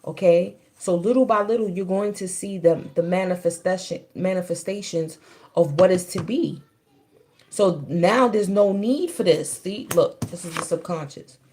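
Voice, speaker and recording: A woman's voice: lowish voice, normal speed, warm tone. A woman giving a casual spiritual reading on a livestream, in a loose, chatty way. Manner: loose and chatty, breaks off to scold children.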